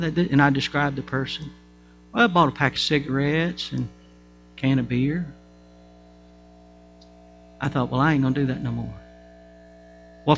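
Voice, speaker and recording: A man's voice: medium pitch, a bit bright, muffled recording. A man preaching a sermon as pastor, emphatic and folksy, with frequent restarts.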